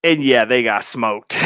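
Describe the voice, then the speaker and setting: A man's voice: mid-range voice, pushed and bright, clean tone, no room sound, studio quality. A middle-aged man chatting casually on a livestream, telling a story dramatically with slangy asides and frequent laughter. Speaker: livestreaming content creator.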